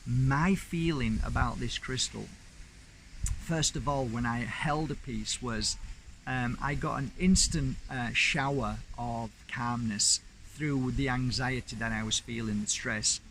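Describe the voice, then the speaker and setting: A man with a mid-range, fairly bright voice tells a personal story to camera at a slow pace, rambling chattily and enthusiastically as the host of his own crystal channel. The recording is rough, with slight background noise.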